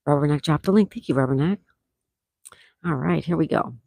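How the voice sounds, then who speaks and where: A woman hosting a live-stream trivia game, reading viewers' answers aloud and repeating each question slowly. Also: sits low, vocal fry, a little mellow, husky, no echo. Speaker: trivia host.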